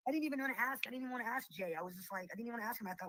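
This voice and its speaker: A woman's voice: a little high, racing, a crowd in the background, rough recording. A woman host in a casual livestream chat, telling stories bluntly and with plenty of swearing. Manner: blunt, profane storytelling. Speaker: channel host.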